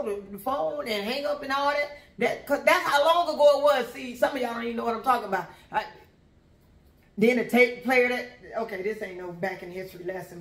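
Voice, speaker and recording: A woman's voice: high voice, reverberant. A woman telling a long personal story in a casual, conversational way, talking straight to her listeners. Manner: animated, conversational, addresses listeners as y'all.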